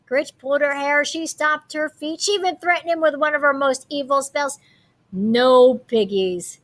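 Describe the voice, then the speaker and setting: A woman's voice: high voice, moderate pace. Woman reading a picture book aloud. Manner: animated, adds playful comments on pictures. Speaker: storybook reader.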